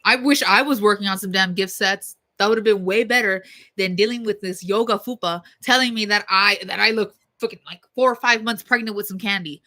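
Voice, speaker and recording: A woman's voice: medium pitch, a little fast, sharp tone. A young woman telling a story casually on a livestream, heated, blunt and full of swearing and fillers.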